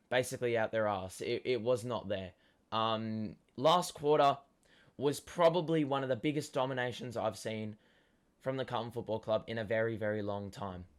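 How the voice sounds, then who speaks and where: Aussie guy, lost his voice yelling, rambling footy review, mid pitch. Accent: Australian. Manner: excitable fan talk with many ums. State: hoarse from cheering. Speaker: fan show host. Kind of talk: casual match review.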